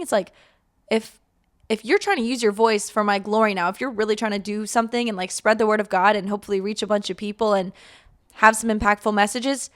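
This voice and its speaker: A woman's voice: mid-range voice, steady tone, brisk, fairly bright tone. A young woman hosting a faith podcast, talking casually and rambling with lots of fillers, animating her retold thoughts. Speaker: podcast host.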